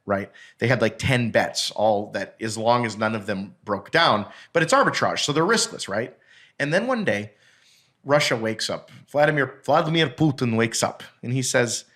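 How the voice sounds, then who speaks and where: A man guesting on a podcast, telling a story in a rambling, animated, profane way with fillers and restarts. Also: mid-range voice. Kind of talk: casual storytelling chat.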